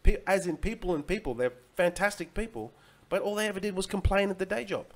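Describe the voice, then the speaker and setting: A man's voice: sits high, lively intonation, fast talker. A man hosting his own livestream, delivering a motivational monologue with emphatic repetition and frequent "right?" checks. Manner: swings between loud peaks and quiet drops. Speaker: crypto livestream host.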